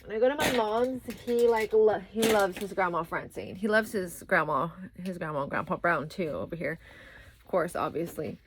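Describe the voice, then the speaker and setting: A woman's voice: on the low side, normal speed, noisy background. Tired, chatty young pregnant woman. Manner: rambling, chatty, breaks off to talk to her toddler. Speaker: vlogger. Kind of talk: casual chat to camera.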